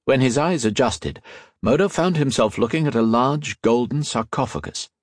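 A man narrating an adventure audiobook in a dramatic, lively reading style with a slightly husky voice. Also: medium pitch, normal speed, no room sound, studio quality.

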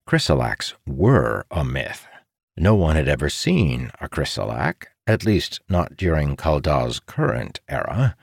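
A man narrating a fantasy audiobook in a steady, expressive way. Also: a bass voice, measured pace, vocal fry, no echo, clean studio sound.

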